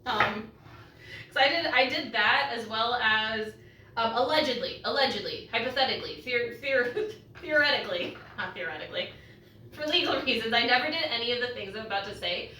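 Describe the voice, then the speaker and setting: A young woman with a slightly high, bright voice talks through her cooking in a loose, joking, profane way, her eyes teary from an onion. She sounds set back from the mic in an echoey home kitchen, with faint room ambience behind her. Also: normal speed, distant mic, a little hiss or hum. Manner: joking, irreverent, swears freely. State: teary-eyed from cutting onion. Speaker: vlogger. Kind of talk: casual chat while cooking.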